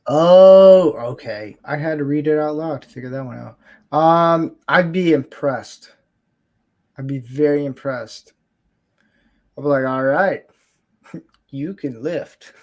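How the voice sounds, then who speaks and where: A man's voice: on the high side, unhurried, darkish tone. A man hosting a casual chat. He rambles, chuckles often and makes fun of himself. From Florida, USA. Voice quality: rambling, chuckling, self-deprecating.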